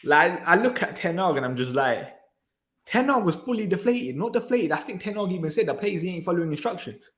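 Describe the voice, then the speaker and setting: A man's voice: sits high, animated, a little fast. A man hosting a football reaction channel, ranting in exasperation with sighs and repeated phrases. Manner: exasperated, repetitive, sighing. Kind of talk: frustrated match reaction rant. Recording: echoey room.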